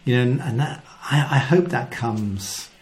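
A man giving a devotional talk, telling the story with animated acted-out quotes and dropping to a soft hushed voice for key lines. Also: mid-range voice, unhurried, a little hiss or hum. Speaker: Christian speaker.

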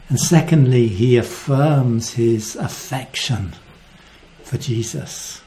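A man preaching a sermon, earnest and reflective, often dropping to a soft voice. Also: mid-range voice, takes it slowly.

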